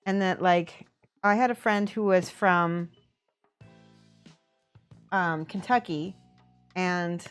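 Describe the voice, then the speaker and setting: Painting miniatures for her stream, a woman from the American Midwest chats, laughs often, reads viewer messages aloud and plays with how words sound. Her voice is fairly low with lively intonation, slow and full of pauses, with faint music in the background.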